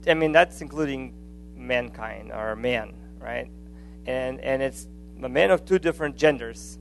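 Male preacher, casual and animated delivery, gravelly tone, faint hum in the recording. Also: a little high. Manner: conversational, animated, frequent restarts and asides. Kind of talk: sermon.

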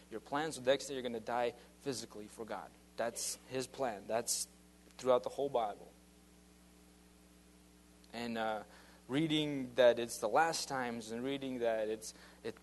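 A man tells his testimony in a loose, earnest ramble, full of fillers and restarts. His voice sits at an ordinary middle pitch. A faint hum and light noise run under the recording. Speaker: youth minister giving a testimony. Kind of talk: casual spoken testimony.

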